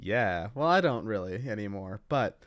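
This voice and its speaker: A man's voice: on the low side, animated, moderate pace, a bit bright. A young man co-hosting a casual podcast, rambling with lots of fillers and laughing easily. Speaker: podcast co-host.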